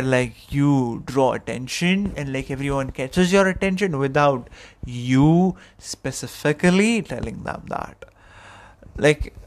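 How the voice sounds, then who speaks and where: A young man talks alone into his podcast mic in a loose, rambling way, circling back on his words with plenty of fillers. His voice sits a little higher than most men's. He sounds candid and chatty. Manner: rambling, with many fillers and restarts. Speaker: podcast host. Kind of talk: casual solo podcast monologue.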